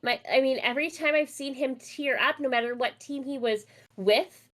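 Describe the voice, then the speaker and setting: A woman's voice: high-pitched, moderate pace, a bit bright. Fired-up woman from Minnesota, casual sports podcast co-host, swears freely.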